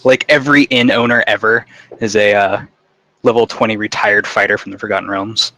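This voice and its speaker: A man's voice: lowish voice, fairly even intonation, a little fast, bright, forceful tone. A man running a live-streamed tabletop game, recapping the last session in a casual, joking way with frequent restarts. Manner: casual, joking, self-interrupting. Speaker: dungeon master.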